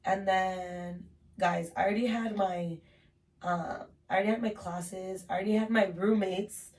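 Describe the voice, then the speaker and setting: A woman's voice: mid-range voice, steady tone, moderate pace, darkish tone, distant mic. A young woman in her twenties telling her life story on a podcast in a casual, chatty way, full of "like" and casual swearing.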